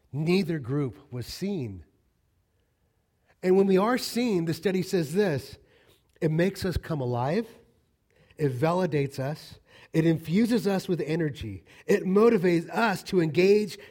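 A male pastor with a fairly high voice delivers a sermon in a church. He talks in a loose, conversational way, then rises to loud, emphatic declarations. His pitch swings widely. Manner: conversational and emphatic, building to loud passionate peaks.

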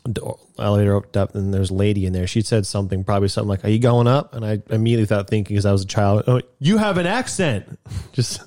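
A man's voice: on the low side, little pitch movement, very fast, warm tone, dry recording, studio quality. A man co-hosting a podcast in casual chat, telling stories and acting out quotes with laughter. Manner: storytelling, laughs often, acts out quotes. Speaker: podcast co-host.

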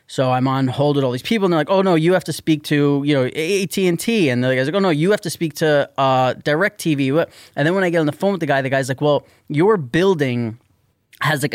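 A man telling a story on a podcast in casual chat, animated and exasperated, swearing often. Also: medium pitch, clean tone, no echo, clean studio sound. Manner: animated, profane, exasperated ranting. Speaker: podcast host.

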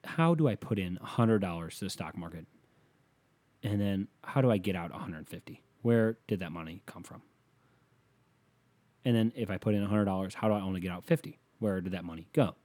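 A man's voice: low voice, brisk, a little mellow. A man hosting a solo podcast, ranting in a rambling, profane way, with a slight lisp on his s sounds. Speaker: podcast host.

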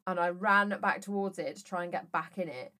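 A woman's voice: fairly low pitch, steady tone, brisk, sharp tone. A woman in her thirties, co-hosting a podcast and telling rambling anecdotes in casual chat, swearing freely. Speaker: podcast co-host.

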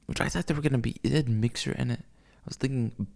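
Gravelly man ranting casually. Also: medium pitch, quick pace, a little mellow. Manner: profane, ranting, with many fillers and restarts. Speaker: vlogger. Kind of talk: casual rambling monologue.

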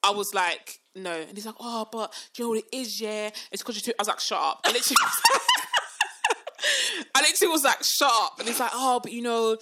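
A woman's voice: on the high side, rapid-fire, hardly any pauses, heavy background noise. A woman, telling a story in casual chat and acting out the quotes. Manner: animated, acts out quotes, laughs often. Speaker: podcast co-host.

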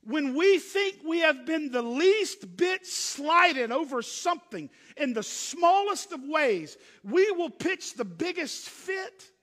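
High bright-voiced preacher in a hall. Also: male voice, sing-song, slow, few pauses. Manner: swings from loud emphatic preaching to low hushed asides. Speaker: pastor. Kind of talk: sermon.

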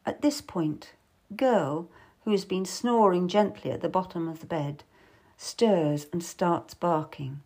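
A woman narrating a story in the first person in a calm, measured way. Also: fairly low pitch. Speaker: audiobook narrator.

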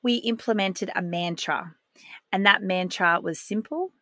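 A woman, hosting a solo podcast and speaking in a calm, earnest, reflective way. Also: medium pitch, unhurried, no echo, clean studio sound. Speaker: podcast host.

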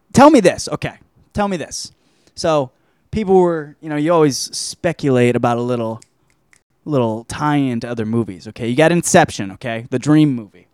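A man's voice: mid-range voice, dry recording. Rambling, profane man, dry close mic. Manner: loose, profane, animated, trails off often. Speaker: podcast host reviewing a film. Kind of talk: casual rambling monologue.

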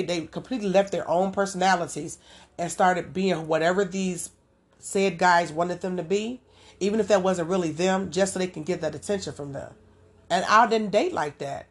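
Rambling, colloquial woman podcaster. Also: lowish voice. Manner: rambling and colloquial, with frequent "you know what I'm saying". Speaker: podcast host. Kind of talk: casual spoken monologue.

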